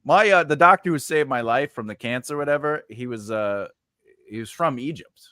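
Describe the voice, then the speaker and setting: A man's voice: mid-range voice, normal speed, bright, forceful tone, dry recording. A man hosting a live stream, chatting casually, rambling with many fillers and frequent laughter. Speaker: host.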